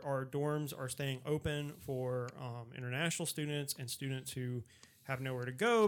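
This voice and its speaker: A young man co-hosting a casual comedy podcast, speaking slowly and haltingly. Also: mid-range voice. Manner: halting, slow, trailing off. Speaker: podcast co-host.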